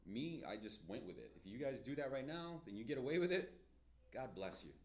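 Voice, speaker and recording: A man coaching salespeople in a casual, blunt and energetic way, swearing often. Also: medium pitch, brisk. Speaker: sales trainer.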